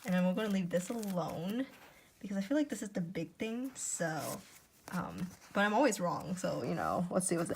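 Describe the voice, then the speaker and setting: A woman chatting casually at home while unboxing gifts. She gushes excitedly, repeats "oh my gosh" and sometimes keeps her voice hushed. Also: lowish voice, normal speed, gravelly, background noise. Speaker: YouTuber. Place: at home indoors.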